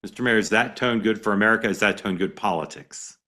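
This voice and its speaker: A man hosts a political talk show in a loose, conversational way. He stops and restarts his sentences often, and his voice sits fairly low. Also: sharp tone. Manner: conversational, halting, many restarts. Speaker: host.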